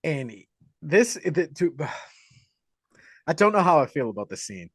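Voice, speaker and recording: A man on a podcast retelling a horror film in a loose, animated way, full of crude jokes and quick character impressions. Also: on the high side, husky, dry recording, studio quality. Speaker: podcast co-host. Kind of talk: casual movie recap.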